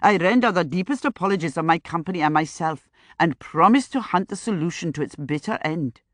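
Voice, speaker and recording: A woman's voice: on the low side, lively intonation, normal speed, no room sound, natural voice. A fussing, bowing railway agent, all formal courtesy and anxious apology, as a woman reader puts him on. His speech is effusive and overly polite in an audiobook reading. The sound is close and dry. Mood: whimpering. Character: fretful, obsequious male railway agent.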